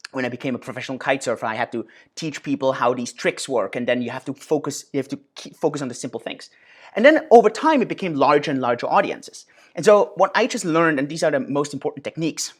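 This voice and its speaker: A man in his thirties hosting a casual Q&A and answering viewer questions, animated, with many fillers and restarts. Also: medium pitch. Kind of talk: casual Q&A monologue.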